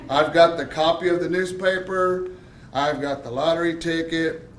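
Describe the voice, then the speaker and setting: A man telling his story at a press event, excited and laughing, acting out the voices of the people he quotes. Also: a little high, normal speed, far from the mic, slight background noise. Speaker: lottery winner at a check presentation. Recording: echoey room.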